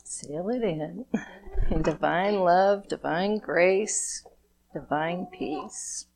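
A woman leading a chakra blessing ritual as its spiritual officiant, speaking in a measured, incantatory way. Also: on the low side, vocal fry, darkish tone, low-quality recording. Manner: slow, measured, incantatory delivery.

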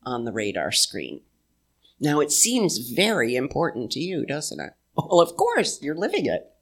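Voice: medium pitch, wildly swooping pitch. A speaker giving a spiritual talk to a live audience, reflective and conversational, with a folksy manner. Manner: slow, reflective, conversational, with pauses; folksy, uses "y'all". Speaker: inspirational speaker.

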